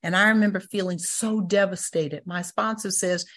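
A woman's voice: lowish voice, fairly even intonation, normal speed, a bit bright. An older woman giving a personal testimony talk at a recovery meeting, telling stories and acting out the voices in them. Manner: storytelling, acts out quoted voices, laughs.

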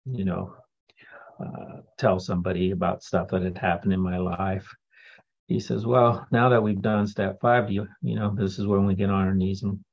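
Man, husky voice, candid testimony talk with dry humor. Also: low voice, darkish tone, highs cut off. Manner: candid, wry storytelling with laughs. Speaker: speaker sharing a recovery story.

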